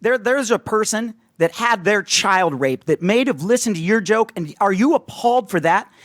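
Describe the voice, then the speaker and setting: Combative man with lively, animated pitch. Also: normal speed, dry recording, clean studio sound. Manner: combative, interrupting, argumentative. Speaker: podcast guest. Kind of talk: heated debate.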